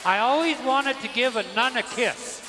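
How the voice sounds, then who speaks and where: A man's voice: very high voice, moderate pace. Man, rodeo clown, playful storyteller, arena speakers, music behind. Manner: playful storyteller building up a joke. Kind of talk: joking banter with announcers. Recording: echoey arena sound system with music.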